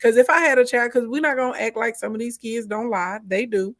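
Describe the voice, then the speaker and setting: A woman with a Southern US accent co-hosting a casual chat, animated and emphatic as she talks listeners through her views. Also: fairly high pitch, fairly quick, dry recording, studio quality. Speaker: co-host.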